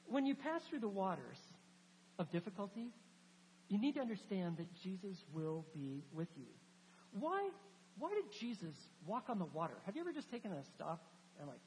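A woman preaching a sermon, telling a Bible story with animated emphasis and reading scripture aloud. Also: mid-range voice, moderate pace. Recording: hall reverb with faint hum.

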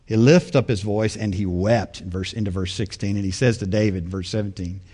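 A man's voice: on the low side, steady tone, a little fast, mellow. A man preaching a sermon in a conversational way, often asking his listeners rhetorical questions.

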